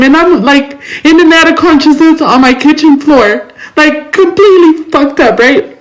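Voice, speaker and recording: A woman's voice: high voice, moderate pace, poor audio. A woman telling her own hard story as an interview guest, emotional and rambling, swearing often. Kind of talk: raw personal storytelling.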